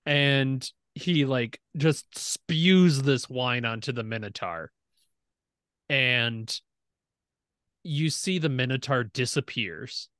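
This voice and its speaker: A man narrating as game master, animated, laughing and making sound effects. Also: medium pitch, slow, no echo, clean studio sound.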